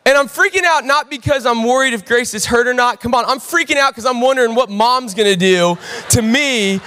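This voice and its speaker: A young man, preaching a sermon as a pastor and telling a story, animated and calling out to the audience. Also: very high voice, brisk, clean tone. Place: large church auditorium. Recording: long hall reverb.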